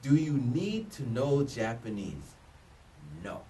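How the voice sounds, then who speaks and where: A man's voice: mid-range voice, big pitch swings, slow pace, mellow. A man in his thirties giving casual advice to the camera, loose and joking, often restarting his sentences. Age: 30s. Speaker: vlogger giving job advice. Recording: voice a bit distant from the mic, faint room noise.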